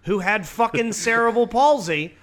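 A man's voice: very high-pitched, expressive, normal speed, a bit bright. A man co-hosting a wrestling podcast, rambling through crude jokes, swearing freely and laughing at his own bits. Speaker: podcast co-host.

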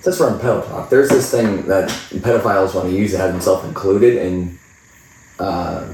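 A man co-hosting a podcast, trading quick, reactive banter in casual chat. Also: sits low, background noise. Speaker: podcast co-host. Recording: echoey room, distant mic.

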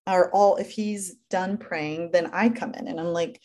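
A woman's voice: lowish voice, steady tone, unhurried, few pauses, dark tone. A young woman, a working mother, explaining her family routine step by step in an earnest, casual interview chat. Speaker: guest mother.

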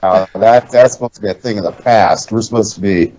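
A man's voice: on the low side, fairly quick, dark tone, dull audio, a little hiss or hum. A man co-hosting a podcast, wisecracking and mock-serious in casual chat. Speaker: podcast co-host.

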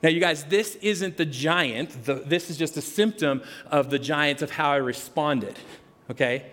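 A man preaching a conversational sermon as pastor, animated, with restarts. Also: on the high side, measured pace. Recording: long hall reverb.

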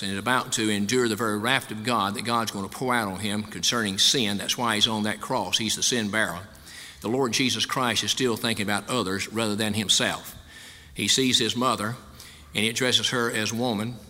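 Pastor, male, conversational sermon delivery, bright forceful tone, reverberant church hall. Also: lowish voice, steady tone, fairly quick. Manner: folksy, conversational preaching.

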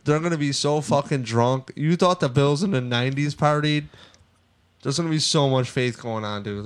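Profane rambling podcast guy, smooth voice. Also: a little high. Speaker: podcast co-host. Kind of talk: casual sports podcast chat.

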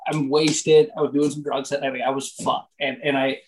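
A young man, a comedian from Canada, telling a story in casual podcast chat, animated and full of swearing and fillers. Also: medium pitch, moderate pace, a little hiss or hum, poor audio.

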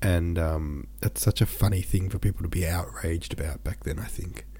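Husky low-voiced congested podcast host. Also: male voice, moderate pace, warm tone. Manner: chatty, rambling asides. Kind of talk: casual chat.

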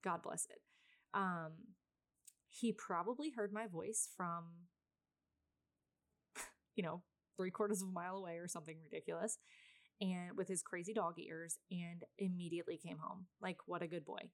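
A woman in her thirties chats through a long personal story in a casual vlog, voice sitting a little low. She rambles with plenty of fillers and asides. She is a mother talking straight to her viewers. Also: steady tone, normal speed, long pauses. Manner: chatty and rambling, many fillers; self-described very loud person.

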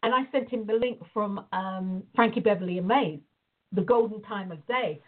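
A woman telling a story and teaching in casual talk on a call, animated, acting out the voices in her stories. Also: medium pitch, moderate pace, a little hiss or hum. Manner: animated storytelling, acts out quoted dialogue. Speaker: prayer and visualization teacher. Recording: tinny phone-like line.

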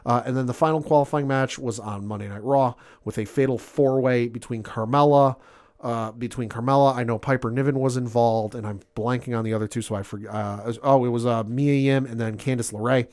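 A man's voice: medium pitch, steady tone, brisk, darkish tone. A man hosting a casual podcast, recapping news in an enthusiastic, rambling way with many fillers. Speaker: podcast host. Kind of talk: casual sports and gaming chat.

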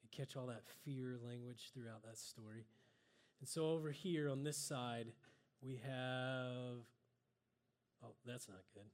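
A man's voice: medium pitch, measured pace. A man giving a conversational sermon, drawing on a board and joking at himself as he goes. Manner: conversational, self-deprecating with laughs. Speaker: preacher.

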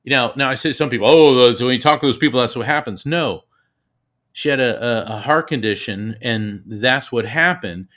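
A man with a bright, forceful voice speaks as a guest in an interview. He tells his stories in an animated way, stumbling over and repeating words as he goes. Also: medium pitch, brisk. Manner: animated storyteller, repeats words, laughs often. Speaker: medium, guest. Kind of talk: storytelling in an interview.

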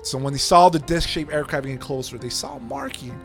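Podcast guy telling the story, kinda high voice, swears a ton, faint music under it. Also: a little fast, gravelly. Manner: profane, animated retelling with acted-out quotes. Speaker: podcast co-host. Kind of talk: casual storytelling chat.

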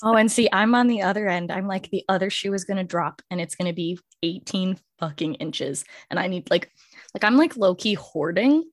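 A woman in her forties co-hosting a podcast, chatting casually in an animated way, laughing often and swearing freely. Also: medium pitch, normal speed. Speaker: podcast co-host. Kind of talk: casual chat.

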